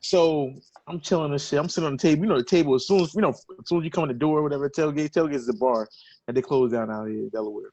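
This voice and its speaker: A young adult man co-hosting a casual chat, telling an animated, profane story with exaggerated quoted lines. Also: a little high, rapid-fire, no room sound, highs cut off. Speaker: co-host.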